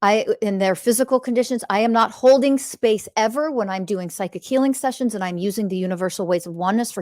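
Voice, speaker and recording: A woman with a medium-pitched voice hosts a spiritual podcast, delivering an impassioned, blunt teaching monologue. She repeats phrases like mantras and swears for emphasis. The sound is clean studio quality with no echo.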